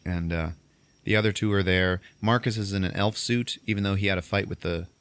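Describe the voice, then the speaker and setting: A man's voice: deep voice, steady tone, a little fast, a bit bright, smooth, dry recording. A man hosting a podcast, recapping a movie in a casual, profane, rambling way. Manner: profane, rambling storytelling with fillers. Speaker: podcast host.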